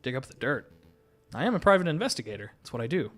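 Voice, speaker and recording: A man reading the lines of a suave male fox private investigator in a game, speaking in a smooth, courteous, measured way at an everyday mid pitch. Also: sing-song, a bit bright. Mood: knowing.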